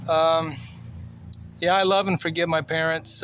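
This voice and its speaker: A man in his sixties, originally from Cuba, recounting memories in a loose, meandering way. His voice sits a little higher than most men's, and his speech is plain and unpolished, full of fillers and restarts. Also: unhurried, fairly bright tone, faint music behind. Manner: rambling, plainspoken, many fillers. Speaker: vlogger. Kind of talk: personal storytelling.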